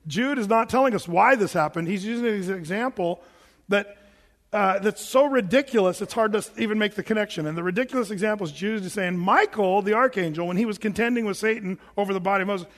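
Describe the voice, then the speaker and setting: A pastor preaching a sermon in a joking, animated way, acting out quoted voices as he goes. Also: high voice. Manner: jokey, acts out quoted voices; self-described big guy. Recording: long reverb of a large hall.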